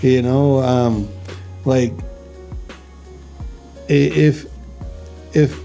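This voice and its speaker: A man telling stories in a casual podcast chat, animated, swearing easily and repeating words as he goes. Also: medium pitch, very slow, gravelly, faint music behind.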